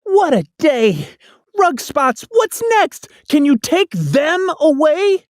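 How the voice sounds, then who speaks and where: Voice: sits high, very animated, slow, no room sound, studio quality, pitched above the performer's own voice, full character voice. Flustered young boy, as a storyteller puts him on. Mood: worried. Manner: anxious, exclaiming. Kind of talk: storybook read-aloud.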